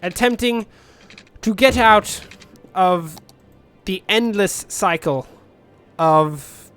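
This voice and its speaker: A man's voice: high-pitched, drawn-out words, a bit bright, smooth, soft background music. A man commentating a city-building game in a rambling, jokey storytelling manner. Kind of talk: let's play commentary.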